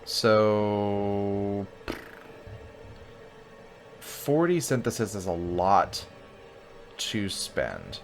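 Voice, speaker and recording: A man's voice: fairly low pitch, big pitch swings, extremely slow, pauses often, faint music behind. A man hosting a gaming video, chatting and joking as he plays and reads game text aloud. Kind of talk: let's play commentary.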